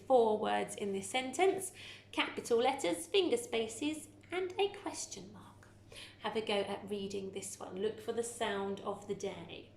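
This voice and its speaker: A woman, a little high in pitch, teaching phonics at an unhurried pace. She sounds out each word carefully and praises her young learners. The room around her is echoey. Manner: slow, clear sounding-out of words, encouraging. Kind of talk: recorded home-learning phonics lesson.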